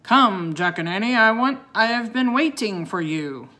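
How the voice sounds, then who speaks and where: A woman reading aloud and voicing a gruff, huge bearded wizard who talks in a slow, booming, scornful way. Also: animated, a bit bright.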